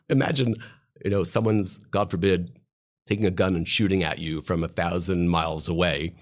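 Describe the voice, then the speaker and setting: A rabbi with a very deep, low voice, speaking. He tells stories with fervour, his voice climbing on the points that move him. He is a podcast interview guest. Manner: impassioned, storytelling, voice rising on key points.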